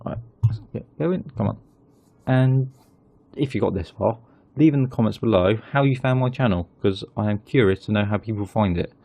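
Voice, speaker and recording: Low gravelly man commentating a football game. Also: brisk, no room sound. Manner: chatty, excitable when goals go in. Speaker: gaming channel host.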